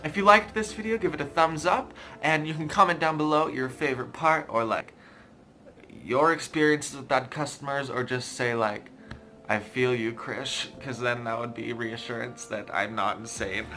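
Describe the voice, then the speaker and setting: Bright-voiced young man telling a story. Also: mid-range voice, moderate pace. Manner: animated, self-mocking, exasperated. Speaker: YouTuber. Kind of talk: casual storytelling vlog.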